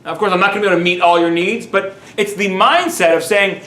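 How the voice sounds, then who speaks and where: A man, a rabbi, teaching a lively class and telling stories, dropping in Yiddish and Hebrew words. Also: high voice, quick pace, hardly any pauses. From United States. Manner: animated storyteller, sprinkles Yiddish and Hebrew words, self-amused. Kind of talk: lively Torah class lecture. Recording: roomy echo.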